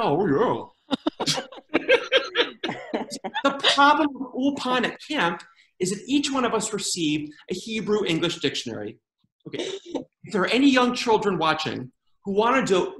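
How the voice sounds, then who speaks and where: A man performing a stand-up comedy routine, with lively delivery and funny voices for quoted people. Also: high voice. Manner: animated joke-telling with funny put-on quoted voices. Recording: roomy echo.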